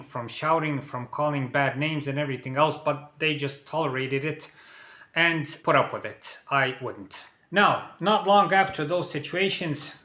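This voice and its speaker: A man recounts a personal story in a plain, conversational manner, dropping "you know" as he goes. His voice is bright and sits a little high. The room around him is echoey. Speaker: vlogger.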